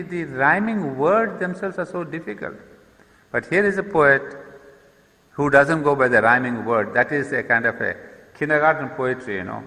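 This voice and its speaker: A man giving an explanatory lecture, reading verse lines slowly and then explaining them with hesitant restarts. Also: mid-range voice, creaky, bright, forceful tone. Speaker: lecturer on poetry and yoga. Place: lecture hall. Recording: long reverb of a hall.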